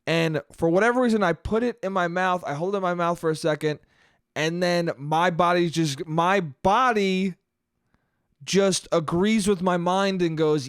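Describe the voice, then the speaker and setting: A man hosts a solo podcast and tells a comic story with plenty of swearing. His voice sits a little high, and he is quick to make fun of himself. The recording is dry and close, with no room echo. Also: clean tone. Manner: profane, animated, self-mocking. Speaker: podcast host. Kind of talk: solo comedic storytelling monologue.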